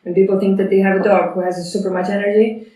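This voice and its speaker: A woman's voice: mid-range voice, flat delivery, fast, warm tone. A woman, a dog trainer, answering interview questions in a thoughtful, explanatory way, often adding "I mean" asides. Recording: very echoey room, mic far off.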